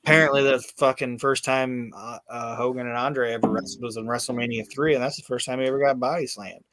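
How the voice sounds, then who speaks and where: A man's voice: mid-range voice, fast, no room sound. Rambling, profane man recapping wrestling. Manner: rambling, profane, animated storytelling with many fillers. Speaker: podcast host recapping wrestling. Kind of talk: casual chat.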